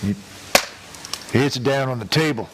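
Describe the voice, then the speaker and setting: A man's voice: mid-range voice, moderate pace, noisy background, lightly acted. A man voicing a rambling, crude redneck character who tells a long joke full of hesitations and restarts. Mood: drawling. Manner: crude, chuckles at his own story. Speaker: prank caller telling a joke. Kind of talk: rambling prank-call joke telling.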